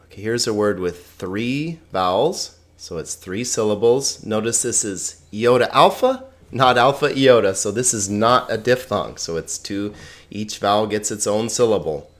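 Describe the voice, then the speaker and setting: A man's voice: on the low side, animated, a little slow. A man teaching pronunciation, patiently sounding out words syllable by syllable and repeating them. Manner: patient, explanatory. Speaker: Greek teacher. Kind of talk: slow pronunciation lesson.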